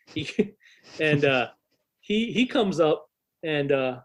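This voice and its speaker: A young adult man chatting as a podcast guest, spinning a long story loaded with swearing and restarts. His voice sits a bit higher than most men's, and he talks in a loose, rambling way. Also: lively intonation, takes it slowly. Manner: profane, rambling anecdote with frequent restarts. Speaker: podcast guest and rock musician.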